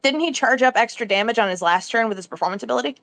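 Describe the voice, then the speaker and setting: A woman's voice: on the high side, very fast, a bit bright, no room sound. A woman playing in a tabletop game, chatting casually and asking questions. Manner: conversational, questioning. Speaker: player.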